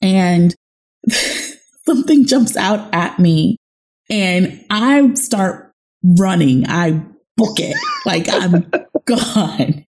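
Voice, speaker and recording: A woman's voice: medium pitch, lively intonation, drawn-out words, long pauses, darkish tone. A woman in casual chat, telling a dating story with lots of laughter.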